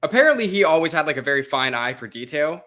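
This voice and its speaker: An American man with a fairly high voice, co-hosting a podcast. He chats casually, cracks jokes and swears without a second thought. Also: sing-song, fast, bright, forceful tone. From United States. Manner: loose and joking, swears freely, many "like" fillers. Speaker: podcast co-host. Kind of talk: casual chat.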